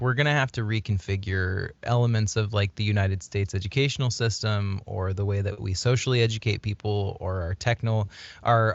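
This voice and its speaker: A man co-hosting a podcast in casual, animated chat, riffing on ideas and now and then jumping into high put-on voices. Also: gravelly, no room sound. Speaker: podcast co-host. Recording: dull, dry sound.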